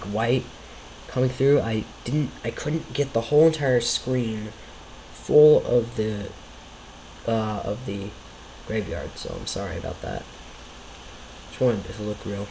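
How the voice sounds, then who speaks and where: A man's voice: medium pitch, gravelly, a little mellow, slight background noise, low-quality recording. Rambling man commenting on his videos. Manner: rambling, self-deprecating, apologetic. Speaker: video creator commenting on his own series. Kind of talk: casual commentary over his own videos.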